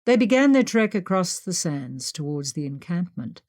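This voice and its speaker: A woman narrating an adventure audiobook in a steady, clear storytelling voice. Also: lowish voice, moderate pace. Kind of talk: scripted narration.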